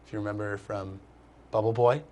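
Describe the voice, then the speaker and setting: A young man, a guest in a casual chat, tells a long story in an animated, rambling way, dropping "like" into nearly every phrase. He speaks fairly quickly with a fairly low pitch.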